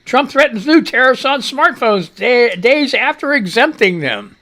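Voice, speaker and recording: Man, live talk show host, casual rambling, high voice, very expressive pitch. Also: a little slow. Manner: animated, swears freely, chats to his cat; reads news headlines aloud with commentary.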